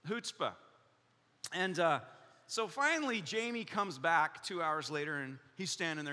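A male pastor preaching a sermon, telling a personal story with acted-out voices, frequent laughter and lively delivery. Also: on the high side, unhurried. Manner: animated storytelling, acts out voices, laughs often. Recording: long hall reverb in a large room.

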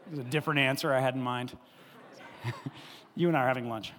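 A man preaches to his congregation in an animated, conversational way, circling back over his points and asking if they follow. His middle-pitched voice carries a long reverb from the church hall. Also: fairly quick, long pauses. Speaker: pastor. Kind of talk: sermon.

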